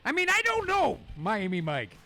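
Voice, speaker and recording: A man's voice: sits high, wildly swooping pitch, moderate pace, bright, forceful tone, soft background music. A man hosting a live sports talk show, playful and rambling as he jokes and reads out viewer comments.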